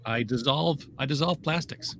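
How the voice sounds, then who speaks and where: A man's voice: medium pitch, normal speed, fairly bright tone, slight background noise. A man from Southern Illinois, co-hosting a casual chat from home, rambling and restarting his sentences.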